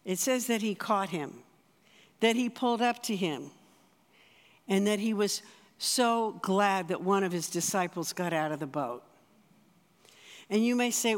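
In a talk delivered as a sermon, a spiritual director speaks earnestly yet casually, a little slowly, stumbling and restarting as ideas form. A middling pitch carries through long, large-church reverb after every phrase.

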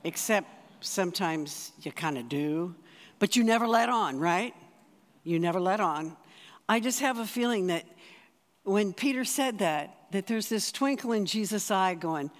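A spiritual director giving a conversational, earnest sermon, often restarting phrases and slowing for emphasis. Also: mid-range voice, expressive. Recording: long reverb of a large hall.

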